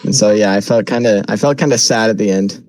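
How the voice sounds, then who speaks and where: A man's voice: fairly low pitch, quick pace, a little mellow, no echo. A young man co-hosting a casual podcast chat, telling his take animatedly and acting out his own reactions. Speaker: podcast co-host.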